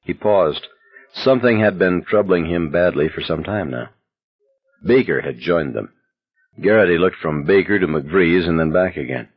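A man narrating an audiobook in an expressive, dramatic reading. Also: low voice, normal speed, breathy edge, no echo, dull audio.

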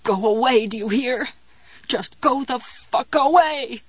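A woman's voice: lowish voice, little pitch movement, moderate pace, dry recording, close to an everyday voice. A woman voicing a desperate, trapped woman who mutters and moans defiantly through clenched teeth.

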